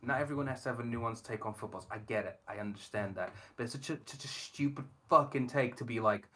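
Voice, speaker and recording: A man co-hosting a podcast, ranting in sweary, animated casual chat. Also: mid-range voice, quick pace, few pauses. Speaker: podcast co-host.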